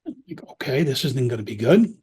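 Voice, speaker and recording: A middle-aged man, a former police officer, telling his own story in an interview in a blunt, heavily profane, animated way. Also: medium pitch, normal speed, slightly rough. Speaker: podcast guest recounting his prison time.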